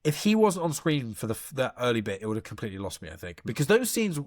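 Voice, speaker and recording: A man chatting casually about a film on a podcast, rushing between thoughts and swearing freely. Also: mid-range voice, no echo, clean studio sound. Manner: rapid, animated, swearing, jumps between thoughts. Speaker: podcast co-host. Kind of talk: casual film-review chat.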